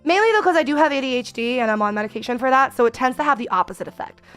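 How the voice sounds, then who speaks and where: A woman's voice: high-pitched, expressive, racing, a bit bright, clean tone, faint music behind. A woman streaming a casual chat, rambling with many fillers and reading viewer messages aloud.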